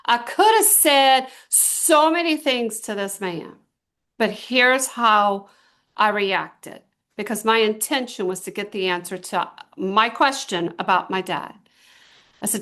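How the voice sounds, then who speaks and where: A middle-aged woman giving a motivational talk to a small group, telling stories with emphatic, drawn-out stresses. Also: medium pitch, fairly bright tone. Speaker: team trainer.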